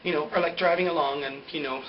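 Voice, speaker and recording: A young man with a slightly high voice rattles through a TV episode recap, loose and chatty, packing in "like" and "you know" and laughing at his own jokes. The sound is dull and lo-fi, like a home video setup. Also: steady tone, quick pace, slight background noise. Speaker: TV recap vlogger. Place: indoor greenscreen video setup.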